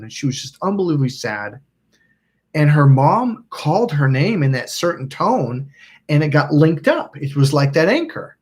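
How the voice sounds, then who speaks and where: A man hosting a self-help channel, telling a story in a rambling, casual way, acting out quotes and swearing now and then. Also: on the high side. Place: indoors by a smoking candle.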